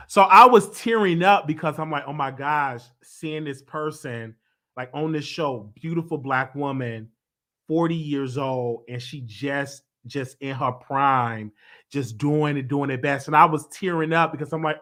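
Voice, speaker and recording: A man hosting a celebrity gossip commentary show, talking emphatically and excitably, repeating himself. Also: on the high side, measured pace. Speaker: host.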